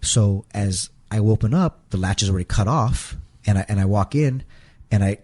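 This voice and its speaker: A man with a husky, slightly low voice talks through a long story in an interview. He stumbles and repeats words as he goes, reliving each moment aloud. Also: moderate pace, darkish tone. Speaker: guest, wrestler.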